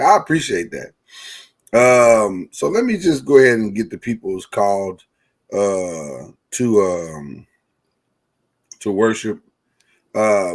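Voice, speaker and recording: A man's voice: on the low side, slightly rough, low-quality recording. A man co-hosting a podcast in casual chat, joking. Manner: playful, animated, jokey preacher-style delivery. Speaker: podcast co-host. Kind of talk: casual chat with mock church-service banter. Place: podcast studio.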